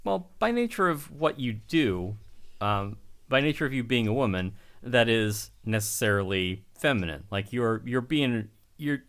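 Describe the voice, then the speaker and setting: A man's voice: medium pitch, expressive, a little slow, fairly bright tone. A man co-hosting a podcast, chatting casually in a rambling way, with lots of restarts and filler words. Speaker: podcast co-host. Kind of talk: casual chat.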